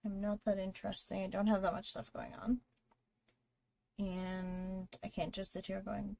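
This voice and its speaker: A woman's voice: mid-range voice, flat delivery, moderate pace, vocal fry, a little mellow. A woman hosting a live drawing stream, chatting casually with viewers and greeting them while she draws. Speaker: livestream artist host.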